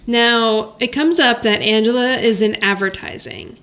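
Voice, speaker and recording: A woman's voice: a little high, unhurried, a bit bright. A woman co-hosting a podcast, chatting casually as she recaps a sitcom episode, laughing often and acting out the characters' lines. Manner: chatty, giggly, acts out lines from the show. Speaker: podcast co-host.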